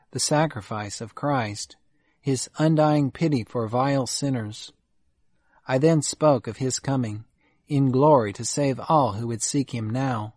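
A man giving a steady, measured audiobook reading of an old memoir. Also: medium pitch, no room sound. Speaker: narrator.

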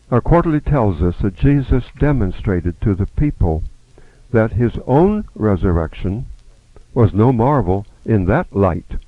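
Guy with a lowish voice going through a bible lesson, reads the verses and does the people's lines, tinny phone-like sound. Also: no room sound. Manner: reads scripture aloud and acts out the speakers' lines. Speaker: Bible study teacher. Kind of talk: Bible lesson retelling scripture. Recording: dry, narrow phone-like sound.

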